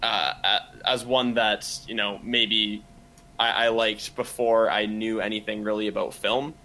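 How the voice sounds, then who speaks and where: A man co-hosting a casual movie podcast, talking in a relaxed way, laughing easily and hesitating with uhs. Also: lowish voice, a little slow. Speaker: podcast co-host.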